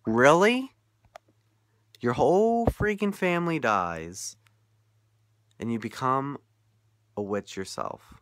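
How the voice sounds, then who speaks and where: A man's voice: mid-range voice, lively intonation, slow pace, long pauses, a bit bright. A young man ranting casually about a film he watched, incredulous and often laughing. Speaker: vlogger reviewing a film. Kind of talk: casual rant.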